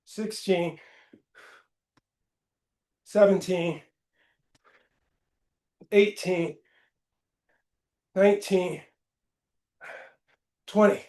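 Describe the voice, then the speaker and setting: A man's voice: high voice, fairly even intonation, dark tone. A male fitness coach leading a live workout, counting reps aloud between short chatty asides, straining from the effort. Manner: slow, deliberate counting while exercising, with brief chatty asides. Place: indoor gym studio. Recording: echoey gym room.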